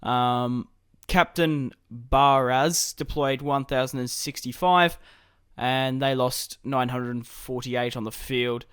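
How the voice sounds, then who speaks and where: A man talks through his strategy game in a loose, think-aloud way, his voice smooth and clear. The sound is dry and close, with no room around it. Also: medium pitch, slow pace, few pauses, fairly bright tone, dry recording. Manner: casual, thinking aloud while playing. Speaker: gaming YouTuber.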